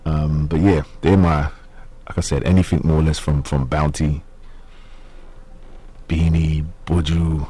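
A man, a musician guest on a radio show, talking about his influences in a relaxed, hesitant way. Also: a bass voice, a little slow, long pauses, husky. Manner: relaxed, hesitant, many fillers. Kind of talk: casual radio interview.

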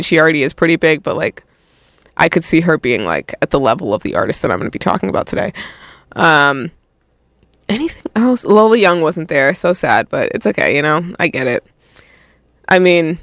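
A man's voice: a little high, fairly bright tone, dry recording, studio quality. A young man hosting a radio show, chatting casually in a tired, laid-back way, rambling with lots of "like" and "um". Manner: rambling, filler-heavy, full of "like" and "um".

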